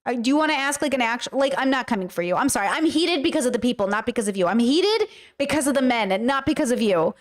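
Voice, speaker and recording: A woman ranting heatedly to her live chat while reacting to a clip, swearing freely. Her voice sits a little high. She fires questions and talks back to her viewers. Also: animated, fast, hardly any pauses. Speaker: commentary host.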